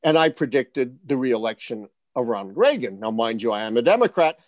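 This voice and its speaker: A man's voice: mid-range voice, brisk, no room sound. Older man telling stories with punch. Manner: lively storyteller, punchy asides. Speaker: guest, election forecaster. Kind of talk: storytelling interview answers.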